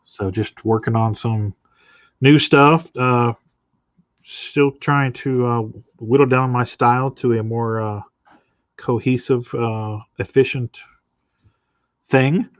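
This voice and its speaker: A man's voice: mid-range voice, takes it slowly, pauses often, no echo, lo-fi sound. A man talking casually as a guest artist on a live stream, rambling with lots of fillers. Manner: relaxed, rambling with many fillers.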